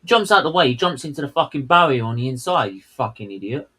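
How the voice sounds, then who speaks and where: A man's voice: fairly high pitch, expressive, quick pace, pushed and bright, slightly rough, rough recording. A man co-hosting a race watchalong, ranting heatedly and swearing at the drivers. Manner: heated, swearing, fuming outbursts. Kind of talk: live race commentary rant.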